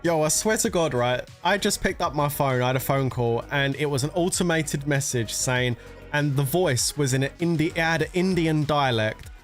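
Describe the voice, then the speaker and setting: A man streaming a mobile strategy game, chatting casually and excitably with his viewers and swearing freely. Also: a little high, normal speed, soft background music. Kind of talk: casual live-stream commentary.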